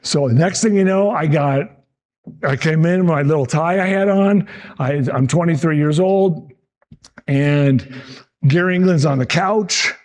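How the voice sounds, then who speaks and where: Man in his sixties, higher-pitched voice, lively anecdotal speaker, stumbles and restarts now and then. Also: a little slow. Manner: lively anecdotal, acts out quotes, frequent restarts. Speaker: TV meteorologist giving a talk. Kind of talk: storytelling presentation to an audience.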